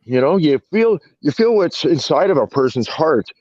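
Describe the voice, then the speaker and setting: A man's voice: fairly high pitch, sing-song, normal speed, darkish tone, dry recording, lo-fi sound. A man co-hosting a casual podcast chat, emphatic and swearing often. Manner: emphatic and profane.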